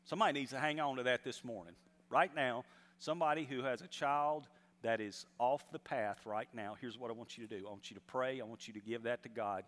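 Male pastor, mid-pitched voice, storytelling sermon with emphatic swells, long hall reverb. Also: a bit bright. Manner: storytelling, rising to emphatic exhortation.

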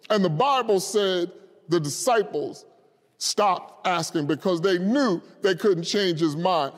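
A man preaching a sermon with passion, rising to shouts at the high points. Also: lively intonation, slow. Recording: long hall reverb.

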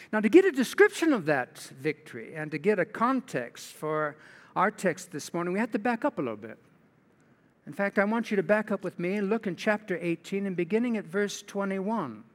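A man preaches a morning sermon, reading a scripture passage aloud with dramatic flair. His voice sits high and swings widely, leaping up on quoted lines. Long reverb of a church sanctuary hangs around him.

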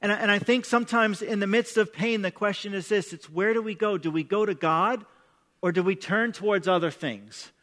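Middle-aged pastor guy preaching, chatty and emphatic, trips on his words, high bright voice. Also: fairly quick. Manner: conversational and emphatic, repeats words when starting sentences. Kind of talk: sermon. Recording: long reverb of a large hall.

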